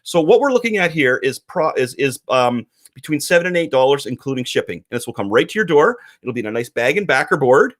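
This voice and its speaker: Animated man chatting on a podcast. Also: mid-range voice, fast talker, few pauses. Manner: animated, acts out quoted voices. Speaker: podcast co-host, comic publisher. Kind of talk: casual podcast chat.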